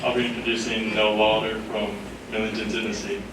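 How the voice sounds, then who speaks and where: A young man makes halting introductions, pausing on fillers. He sounds distant in a large echoing hall. Heavy background noise runs beneath him. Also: on the low side, completely flat delivery. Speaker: college baseball player. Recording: echoey hall, distant mic, loud noise.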